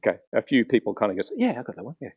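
Guy preaching a sermon, pitch jumping all over, keeps restarting and chatting right at the congregation. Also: very fast, husky. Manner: animated storytelling with frequent restarts, acting out voices; addresses the congregation directly with questions. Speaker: pastor.

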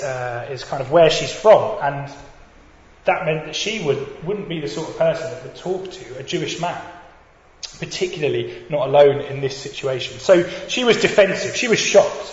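A man's voice: medium pitch, normal speed. A man preaching a sermon, earnest and reflective, speaking directly to his listeners. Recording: dull echoey hall with faint noise.

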